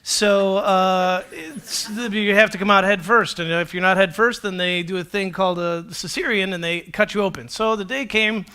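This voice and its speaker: A male pastor in his forties tells a sermon story with a high, bright voice. He acts out the voices of people in his anecdotes and jokes about himself as he preaches from a church stage. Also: normal speed, few pauses, smooth. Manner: animated, self-deprecating, acts out quotes.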